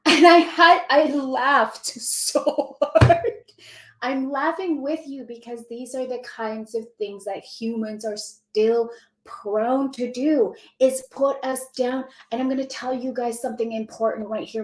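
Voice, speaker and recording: Effusive, high-voiced spiritual woman in a roomy space. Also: a little mellow. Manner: gushing, effusive, greets viewers by name, laughs often. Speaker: spiritual mentor hosting a live stream. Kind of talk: casual livestream chat. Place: indoors at home.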